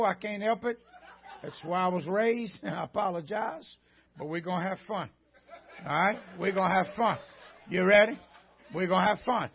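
Male guest preacher, very high husky voice, folksy jokes and shouted preaching, muffled church recording. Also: moderate pace. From rural Southern United States. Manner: joking folksy banter rising to shouted preaching. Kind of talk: sermon. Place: church sanctuary before a congregation.

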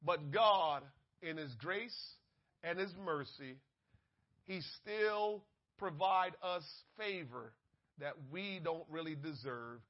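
A male preacher giving a sermon, swinging between loud exhortation and hushed asides, on a dull lo-fi recording. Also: fairly high pitch, animated, takes it slowly.

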